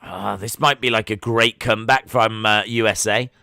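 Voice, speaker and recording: Male streamer, sports reactions, clear and dry. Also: on the low side, moderate pace, dry recording. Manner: chatty, excitable, with frequent fillers. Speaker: livestream host. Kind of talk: live sports watch-along commentary.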